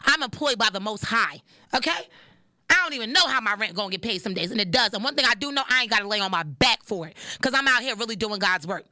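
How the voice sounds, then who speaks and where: A young woman hosting a podcast, preaching in a casual, animated monologue and repeating lines for emphasis. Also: fairly high pitch, brisk. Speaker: podcast host.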